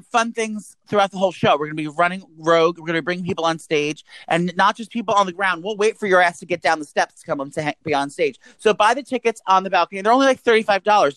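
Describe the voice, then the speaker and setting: A man's voice: high voice, quick pace, few pauses, fairly bright tone, no echo, low-quality recording. A young man co-hosting a podcast, talking in a crude, joking, rambling way. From US East Coast. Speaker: podcast co-host. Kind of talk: casual chat.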